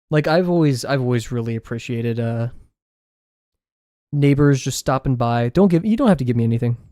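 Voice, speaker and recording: A young man streaming his drawing session, rambling casually with viewers, self-deprecating and quick to laugh. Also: medium pitch, dark tone, dry recording, studio quality. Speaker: drawing livestreamer.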